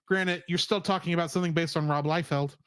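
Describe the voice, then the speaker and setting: A man's voice: fairly high pitch, steady tone, fast, fairly bright tone, clear, resonant tone, no echo, clean studio sound. A man co-hosting a podcast, chatting casually and animatedly, slipping into jokey put-on accents. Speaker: podcast co-host. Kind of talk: casual chat.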